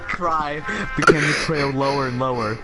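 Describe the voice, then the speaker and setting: A man reading fan fiction aloud on a comic livestream. He keeps his voice deadpan but keeps breaking into laughter. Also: medium pitch, moderate pace, low-quality recording. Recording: loud music behind the voice.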